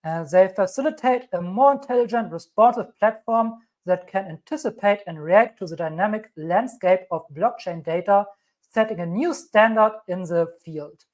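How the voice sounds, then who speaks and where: A woman's voice: mid-range voice, moderate pace, darkish tone. A woman with a thick German accent, hosting a live crypto stream, emphatic and reassuring, repeating her points and reading news aloud. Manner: reads news items aloud. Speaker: crypto channel host.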